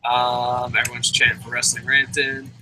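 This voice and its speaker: A man's voice: medium pitch, monotone, moderate pace, bright, forceful tone, slight background noise, low-quality recording. A man co-hosting a wrestling review show in casual chat, swearing often, rambling and laughing as he goes.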